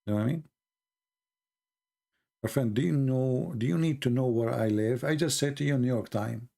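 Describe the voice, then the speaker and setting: Man, middle pitch, gravelly, rambling livestream host, animated. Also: normal speed. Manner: animated, rambling, mocks people in put-on voices. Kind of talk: casual livestream chat.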